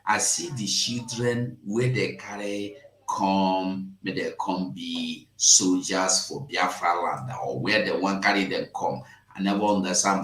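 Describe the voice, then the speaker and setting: A man with a Nigerian Pidgin accent hosting a casual live stream, emphatic and repetitive, jumping from loud bursts to hushed asides. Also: low-pitched, reverberant. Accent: Nigerian Pidgin English.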